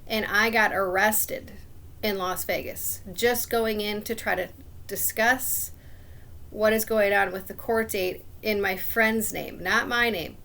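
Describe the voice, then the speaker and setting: Woman, gravelly voice, casual rambling story, aggrieved and suspicious, frequent throat clearing. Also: mid-range voice, fairly even intonation, slow, a bit bright.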